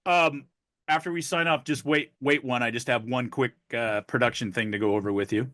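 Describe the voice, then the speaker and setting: A man's voice: medium pitch, fairly even intonation, a little fast, fairly bright tone. A man in his fifties co-hosting a podcast, telling rambling stories and jokes in casual chat. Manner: rambling storyteller, many restarts, tells jokes. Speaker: podcast co-host.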